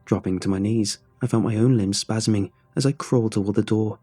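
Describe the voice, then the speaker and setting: A man narrates a horror story in a low, dark, husky voice, tense and hushed. Soft music plays faintly beneath him. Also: fairly even intonation, fairly quick, hardly any pauses.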